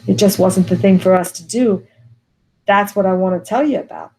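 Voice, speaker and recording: A woman reading the part of a stern, weary older mother, speaking earnestly with her pitch lifted above her usual voice. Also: normal speed, mellow, close to an everyday voice. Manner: earnest, pleading, dialogue read with a lifted pitch.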